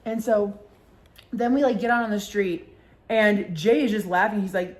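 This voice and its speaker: A woman's voice: mid-range voice, moderate pace. A young woman hosting a podcast, telling a story in a casual, chatty way, swearing often and filling her sentences with "like". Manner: chatty and profane, many filler likes. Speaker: podcast host.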